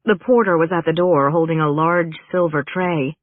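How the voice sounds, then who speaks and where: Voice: mid-range voice, fairly even intonation, normal speed, no room sound. Narrator with wry, dry storytelling. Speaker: audiobook narrator. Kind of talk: scripted narration. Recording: narrow phone-like band, dry.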